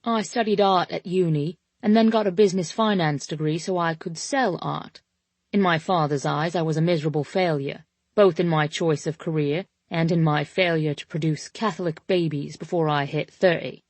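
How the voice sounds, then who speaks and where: A woman's voice: low-pitched, fairly even intonation, normal speed, darkish tone, dry recording. Woman voicing a teasing British young man. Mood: wry.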